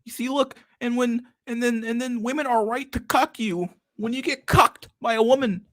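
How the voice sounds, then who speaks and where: A man's voice: very high-pitched, fairly bright tone. A man doing an impression of a rambling, pompous older male lecturer who stumbles over repeated words. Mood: lecturing. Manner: halting, repetitive, preachy.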